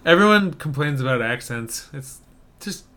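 A man's voice: on the high side, animated, normal speed, sharp tone. A man co-hosting a casual podcast, chatting about movie trailers with wry, joking banter. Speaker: podcast co-host.

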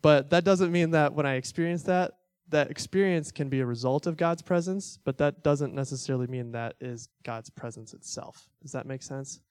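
A man's voice: a little high, moderate pace, hardly any pauses, a little mellow, clear, resonant tone, dry recording, clean studio sound. A young man giving a casual, conversational church teaching, full of fillers and little laughs. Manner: conversational, filler-heavy, self-deprecating laughs.

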